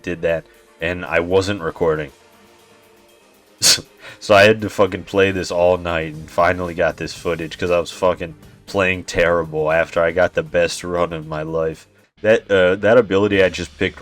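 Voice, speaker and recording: A man's voice: sits low, fairly bright tone. A young man giving laid-back gameplay commentary, swearing often, chuckling and sounding tired. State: yawning, tired. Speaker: gaming YouTuber.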